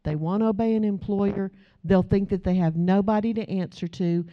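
A woman's voice: medium pitch, steady tone, normal speed, highs cut off. A middle-aged woman preaching a sermon in a conversational way, asking the audience questions.

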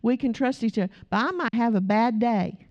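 A woman's voice: on the high side, a little fast, a little mellow. A woman preacher giving a chatty, storytelling sermon with asides to the congregation, recorded on a dull lo-fi recording. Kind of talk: conversational sermon.

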